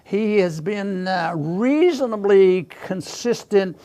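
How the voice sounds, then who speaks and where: A man hosting a casual political discussion, halting and repeating words as he chuckles through his points. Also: high voice, lively intonation, mellow. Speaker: podcast host.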